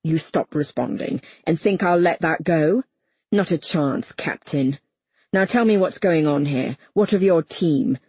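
A woman reading an audiobook, voicing a stern male army colonel who speaks in a low, slow, purring way. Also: husky, dry recording. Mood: cold, commanding. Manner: low, slow, quiet purr. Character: stern middle-aged male army colonel, cold and commanding.

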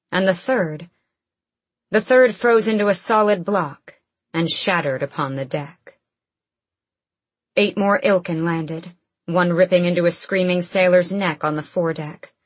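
A woman narrating a fantasy audiobook in a measured, steady storytelling manner. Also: on the low side, no echo.

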